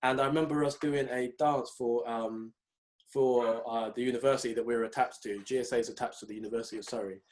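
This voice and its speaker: A young man, co-hosting a podcast and telling stories in a casual, animated way. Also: mid-range voice, fast. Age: young adult. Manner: animated storytelling, mimics people in raised voices. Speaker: podcast co-host. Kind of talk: casual chat.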